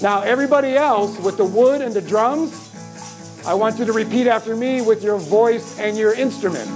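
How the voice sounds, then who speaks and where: A man's voice: sits high, normal speed, darkish tone, low-quality recording. Upbeat man teaching music to a room. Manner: upbeat, leads the room in sung call-and-response. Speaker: music educator leading a workshop. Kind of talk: teaching workshop with call-and-response singing. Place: conference room with live audience. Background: guitar strummed by the speaker.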